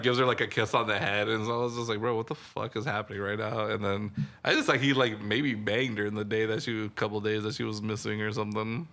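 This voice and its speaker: A man's voice: on the low side, pushed and bright. A man co-hosting a podcast, chatting casually about a movie, rambling, laughing often and acting out lines from scenes. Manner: rambling, laughing, acts out quotes. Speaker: podcast co-host. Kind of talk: casual movie review chat.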